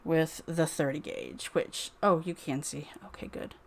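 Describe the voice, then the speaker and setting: A woman's voice: low-pitched, unhurried, gravelly. A woman streaming a live craft demo, muttering to herself while she works.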